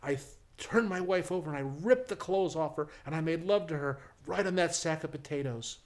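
A man voicing an elderly husband in a joke, confessing in a hushed, earnest, halting way. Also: on the high side, voice pushed up, lightly acted.

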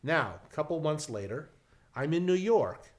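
A man telling a casual anecdote in an animated way, acting out the people in it. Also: on the high side, normal speed. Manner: animated, acts out quoted voices, restarts. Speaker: storyteller guest.

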